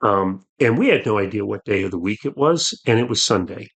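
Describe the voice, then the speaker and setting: Man, low voice, earnest halting storyteller, podcast guest. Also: lively intonation, husky. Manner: earnest, halting, with restarts and acted quotes. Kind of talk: storytelling a personal conversion story.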